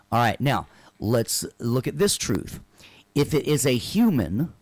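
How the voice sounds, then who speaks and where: A man's voice: medium pitch, darkish tone, no echo. Dry-voiced man teaching a casual class. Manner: checks in with frequent "right?" tag questions; loose and joking, with sarcastic asides. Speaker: instructor. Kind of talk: casual online class lecture.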